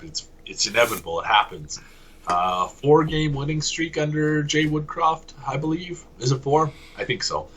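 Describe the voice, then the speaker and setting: A man's voice: medium pitch, moderate pace, a bit bright, slightly rough, rough recording. A man from Canada co-hosting a casual sports podcast, talking analytically and correcting himself as he goes. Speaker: podcast co-host.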